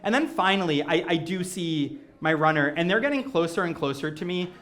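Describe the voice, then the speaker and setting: A man performing stand-up storytelling on stage before a live audience, animated and self-mocking. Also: on the high side, a little fast. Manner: animated, self-mocking, acts out quoted voices. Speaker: comedic storyteller.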